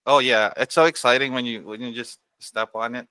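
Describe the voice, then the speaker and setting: A man's voice: medium pitch, fairly even intonation, fairly quick, bright, forceful tone, clear, resonant tone, dry recording. A man from the US East Coast, a guest on a radio show, chatting casually with small grammar slips. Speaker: guest vlogger. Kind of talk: casual chat.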